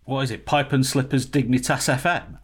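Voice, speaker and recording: A man's voice: mid-range voice, fairly even intonation, fairly quick, breathy edge. A man co-hosting a podcast in casual chat, joking and swearing as he riffs. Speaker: podcast co-host. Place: home in Los Angeles.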